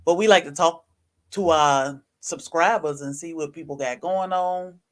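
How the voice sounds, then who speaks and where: A man hosts a homesteading livestream, his voice a little high. He explains things to viewers in a relaxed, easy way. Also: unhurried. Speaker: homesteading channel host. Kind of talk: casual livestream talk.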